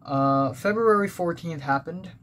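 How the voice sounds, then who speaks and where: A young man with a fairly high voice recounts his school days in a rambling, confessional monologue, stumbling over restarts and fillers. A steady hum of background noise sits under him. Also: a little slow. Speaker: vlogger. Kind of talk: personal storytelling monologue.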